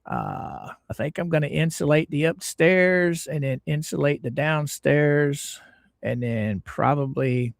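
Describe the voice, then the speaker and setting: A middle-aged man from Florida, hosting a casual livestream and greeting his viewers in a folksy, drawn-out way. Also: fairly high pitch, vocal fry, no room sound, studio quality. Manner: folksy, drawn-out greetings, lively ups and downs. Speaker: livestream host.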